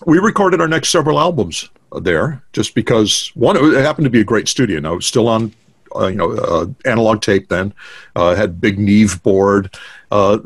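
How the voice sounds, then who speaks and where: An American man in his sixties with a lowish voice is a guest drummer, telling stories in a casual interview over a video call. He uses lots of fillers and restarts, and the recording has no echo.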